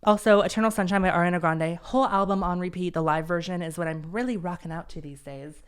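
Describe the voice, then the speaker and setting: A man's voice: sits high, fairly even intonation, quick pace, smooth. A young man hosting his own podcast, talking casually and rambling with a self-deprecating humor. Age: young adult. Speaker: podcast host. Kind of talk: casual solo podcast chat.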